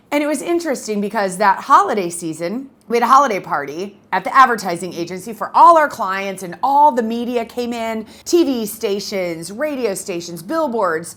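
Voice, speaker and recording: A middle-aged woman coaching photographers in a casual talk to camera, animated and emphatic. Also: mid-range voice. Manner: animated and emphatic, acts out little voices.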